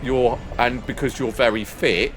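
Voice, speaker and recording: An older man streaming a game, chatting casually and telling a long rambling story, putting on higher voices when he quotes people. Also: steady tone, a little slow, music in the background. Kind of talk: casual chat while gaming.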